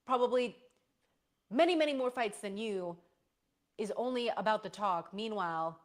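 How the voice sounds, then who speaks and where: A woman's voice: medium pitch, moderate pace. Chatty young woman live-streaming. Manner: chatty, rambling, playful slang. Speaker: streamer answering chat. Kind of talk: casual live-stream chat.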